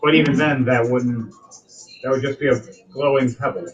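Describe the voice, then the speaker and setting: A man's voice: mid-range voice, steady tone, normal speed. A man narrating as game master, with loose, rambling descriptions. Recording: dull lo-fi audio, faint music.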